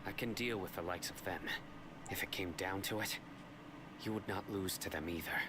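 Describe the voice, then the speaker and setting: A man's voice: low voice, steady tone, normal speed, lightly acted. An actor playing a stern, loyal male guardian in a game, speaking in a terse, grave manner, heard as game audio with background noise.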